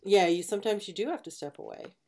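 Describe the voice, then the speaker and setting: Relaxed woman chatting about relief work. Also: mid-range voice, fast talker. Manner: relaxed, backchannels often, tells stories with laughter. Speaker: disaster relief worker. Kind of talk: casual podcast chat.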